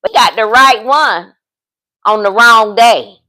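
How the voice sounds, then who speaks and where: A woman's voice: fairly high pitch, measured pace, sharp tone. A woman in her fifties, a vlogger, chatting casually and telling a story straight to her viewers, acting out both sides of a phone call. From United States. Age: 50s.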